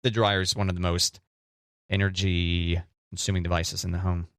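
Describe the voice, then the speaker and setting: A man co-hosting a casual podcast chat, joking around and telling animated little stories. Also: deep voice, normal speed, smooth, dry recording, studio quality. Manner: playful, jokey, animated storytelling. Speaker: podcast co-host.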